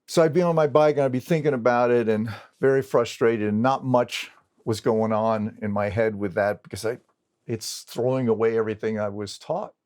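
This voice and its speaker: An older man, a recording engineer, recounts his career in a lively storytelling manner. He acts out the lines of the people in his story. His voice sits at an ordinary middle pitch. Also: normal speed. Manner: animated storyteller acting out dialogue. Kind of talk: storytelling interview talk.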